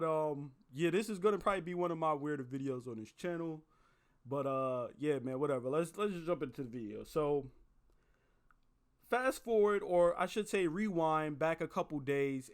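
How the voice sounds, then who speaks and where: A man vlogging casually, telling a story in a profane, rambling, animated way. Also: a little high, normal speed, clean tone.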